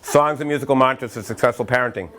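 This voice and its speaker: An energetic, middle-aged workshop speaker from Massachusetts, USA, trains a room of educators in a medium-pitched voice. He's a lively storyteller who speaks in quick bursts, cuts himself off, performs quotes and breaks into chants.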